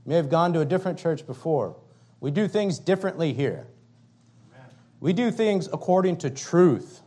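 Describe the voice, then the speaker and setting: In a fiery sermon, a male pastor hammers his points home through repetition and emphasis. His delivery shifts back and forth between loud pronouncements and quiet, low-pitched passages.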